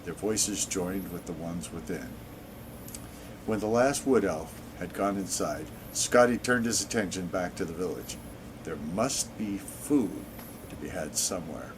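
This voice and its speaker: A man's voice: low-pitched, measured pace, background noise. A man in his sixties reading an in-game book aloud on his gaming channel, dropping in sarcastic asides.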